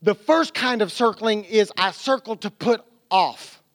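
A man preaching a sermon as a pastor, animated, with restarts and quotes he acts out. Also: high-pitched, unhurried.

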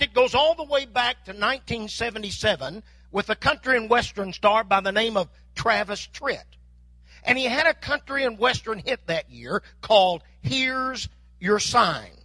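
A man's voice: sits high, sharp tone, no room sound. An older man preaching a sermon, telling folksy stories and acting out bits of dialogue. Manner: folksy storytelling with mock dialogue. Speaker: pastor.

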